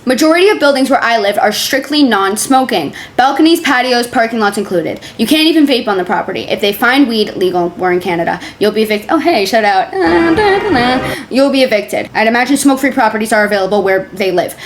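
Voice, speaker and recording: Chatty, sarcastic young woman with a slightly high voice. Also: animated, quick pace, few pauses, a little hiss or hum. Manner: chatty, sarcastic, swears freely, laughs often. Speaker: streamer reacting to forum posts. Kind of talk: casual reaction commentary, reading posts aloud.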